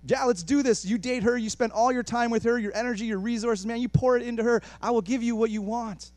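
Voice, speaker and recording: A man's voice: extremely high pitch, steady tone, quick pace, darkish tone, no room sound, voice pushed up. A man voicing the devil as a tempter making coaxing, pushy offers in a sermon. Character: tempting male devil, wheedling salesman.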